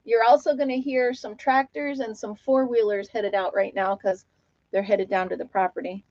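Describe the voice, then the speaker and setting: A woman's voice: on the high side, steady tone, moderate pace, no room sound. Chatty older woman, dull lo-fi sound. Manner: rambling, chatty, laughs often. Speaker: host of a live knitting chat stream. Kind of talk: casual live-stream chat. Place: at home.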